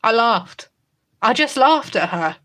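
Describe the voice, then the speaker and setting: A woman's voice: on the high side, sing-song, slow, fairly bright tone. A woman in her thirties, a schoolteacher, chatting casually on a livestream, sarcastic and rambling, often breaking into laughter. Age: 30s.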